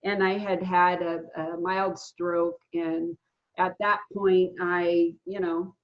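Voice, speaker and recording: A woman in her fifties telling her own recovery story in a casual, earnest way, often pausing with fillers and restarting her sentences. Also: on the low side, flat delivery. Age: 50s. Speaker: guest sharing a recovery story. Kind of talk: casual spoken testimony. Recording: dull lo-fi sound.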